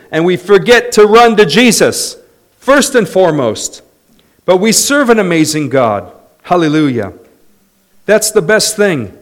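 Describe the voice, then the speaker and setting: A man preaching a sermon, moving between quiet, low passages and loud, lively ones, with laughter. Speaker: pastor.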